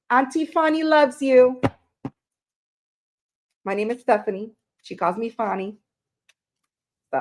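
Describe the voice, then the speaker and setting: Woman, middle-aged, tarot reader, live stream, chatty, greets viewers by name, somewhat high voice. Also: darkish tone.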